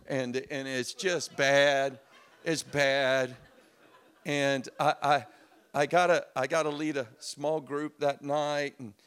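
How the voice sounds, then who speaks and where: The speaker is a middle-aged pastor giving a sermon in a medium-pitched, slightly bright male voice. He tells stories in a relaxed, chatty manner, laughing and acting out what people said.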